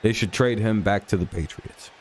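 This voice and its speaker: A man's voice: lowish voice, moderate pace, a little mellow. A man hosting a live stream, casually chatting with viewers while commenting on a football game, rambling, laughing often and swearing freely.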